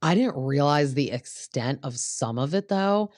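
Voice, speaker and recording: A woman's voice: low-pitched, lively intonation, a little slow, darkish tone, dry recording, clean studio sound. A woman hosting a podcast, chatting casually through a reality TV recap and filling her talk with "like". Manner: chatty, peppered with "like". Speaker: podcast host.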